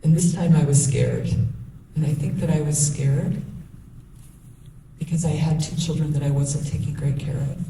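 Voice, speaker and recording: A woman's voice: sits low, steady tone, normal speed, pauses often, dark tone. A woman in her thirties giving a candid personal testimony as a guest speaker, telling her story with quoted dialogue. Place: school hall. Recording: echoey room, distant mic, faint noise.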